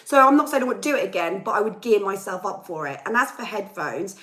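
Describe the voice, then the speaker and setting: Casting note: young woman, chatty livestream host, chesty and hoarse, mid-range voice. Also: medium pitch, expressive, fast talker, sharp tone, rough recording. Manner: chatty, ranting, reads viewer comments aloud. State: chesty, losing her voice. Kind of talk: casual live chat with viewers.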